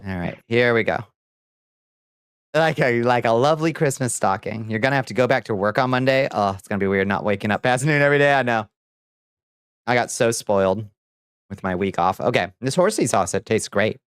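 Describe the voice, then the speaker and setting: Man, livestream chat, playful and theatrical, smooth voice, dry close mic. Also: mid-range voice, fairly quick, fairly bright tone, no echo. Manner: playful and theatrical, chatting with viewers while mixing ingredients. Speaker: streamer.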